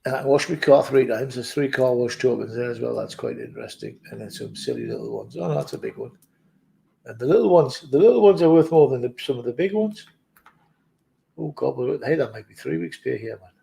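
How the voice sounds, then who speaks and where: A man's voice: mid-range voice, vocal fry, mellow, a little hiss or hum, low-quality recording. A man at his office desk, chatting casually to camera in a jokey, rambling way with muttered asides. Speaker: vlogger.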